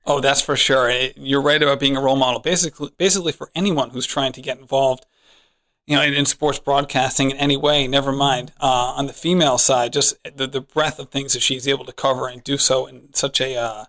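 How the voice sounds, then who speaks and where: A man's voice: medium pitch, flat delivery, brisk, pushed and bright. A man hosting a college podcast, interviewing a guest in a friendly, conversational way with some fillers and restarts. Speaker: podcast host.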